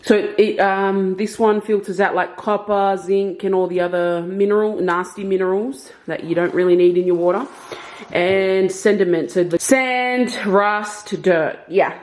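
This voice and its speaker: A chatty young woman with a mid-range voice vlogs casually from her bedroom, with a little hiss or hum in the audio. Rambling and self-aware, she talks through her plans and purchases.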